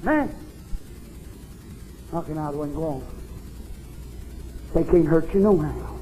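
A man preaching a fervent, folksy revival sermon at a church service, often climbing into shouts. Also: on the high side, lively intonation, takes it slowly, soft background music, rough recording.

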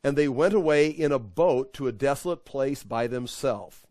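A man teaching a Bible study in a conversational way, acting out the people in the story with lively voices. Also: medium pitch, moderate pace, dry recording. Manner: conversational, acts out quotes with animated voices.

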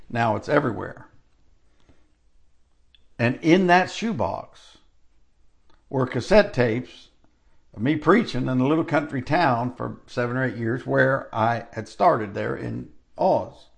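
Gravelly older man preaching a sermon. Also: mid-range voice. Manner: conversational, drawn-out emphatic phrases. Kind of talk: sermon with personal storytelling.

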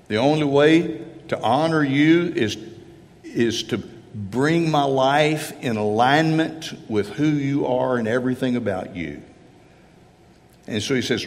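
An earnest male pastor preaching from the pulpit, his voice carrying with a long hall reverb. He speaks at a middle pitch and slips into first-person prayers to make his point. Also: expressive, a little slow. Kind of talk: sermon. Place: church sanctuary.

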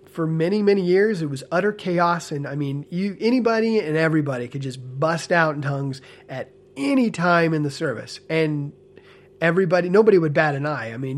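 A man in casual spoken commentary, animated and earnest with a smile in his voice, often checking in with "okay?" and "right?". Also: fairly high pitch, moderate pace. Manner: animated, frequent tag questions like "okay?" and "right?"; talks with a smile, amused and earnest. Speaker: ex-church member commentator.

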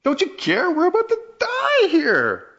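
A man's voice: wildly swooping pitch, a little slow, a bit bright, dull audio, full character voice. A man voicing frantic male disciples pleading in a storm, his voice jumping far above his own. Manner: panicked, pleading, very high-pitched.

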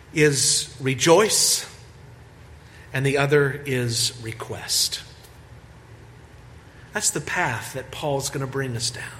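Male pastor, fairly high voice, slow and deliberate preaching, long church reverb. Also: a bit bright. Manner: measured preaching, stretching key words, rising for emphasis. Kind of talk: sermon. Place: church sanctuary.

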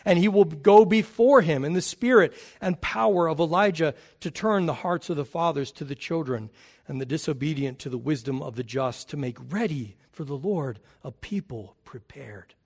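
A man delivering a sermon, with a voice pitched a little above the usual male range. He teaches emphatically, lifting his voice to stress key points and dropping it low to close a thought. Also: animated, normal speed, a little mellow. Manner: emphatic, rises and falls in pitch and volume. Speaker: preacher.

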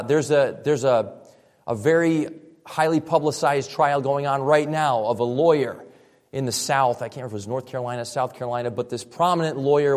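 A man's voice: mid-range voice, darkish tone. A man preaching a sermon as pastor, speaking in a conversational way with frequent restarts. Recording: reverberant hall.

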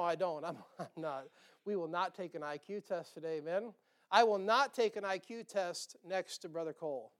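A man preaches in a church, his voice pitched high and ringing clear. He is folksy and joking, and he keeps checking in with the congregation by asking "amen?". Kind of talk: sermon. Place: church sanctuary.

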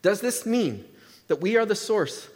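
A man's voice: high voice, animated, unhurried, darkish tone, in a large hall. A man pastor preaching a sermon to his church in a conversational way, with humor and rhetorical questions. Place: church sanctuary.

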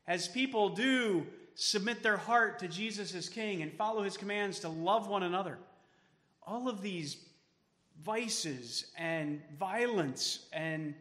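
A man preaching a sermon as pastor, emphatic, then dropping to soft tones for quoted words of comfort. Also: high-pitched, in a large hall. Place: church sanctuary.

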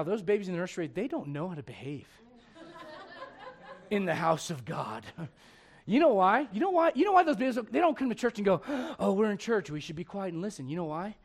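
Pastor, male, very high voice, lively sermon that swings from soft asides to shouting. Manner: animated preaching, swings from quiet asides to shouted emphasis; conversational, laughs with the congregation.

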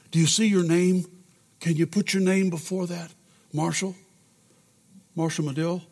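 A man's voice: on the high side, steady tone, normal speed, long pauses, a little mellow. A man preaching a sermon as a pastor in a church sanctuary, emotional and at times urgent. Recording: long reverb in a large sanctuary.

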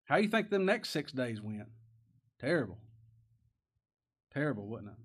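A man's voice: a little high, big pitch swings, normal speed, long pauses, breathy edge. A man preaching a sermon, folksy and plain-spoken, asking the congregation rhetorical questions and reading scripture aloud. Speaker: pastor.

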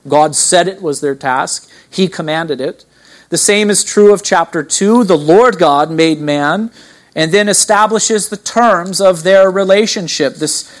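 A man preaching a sermon as pastor, emphatic, asking the listeners questions and slowing down to stress key words. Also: fairly high pitch.

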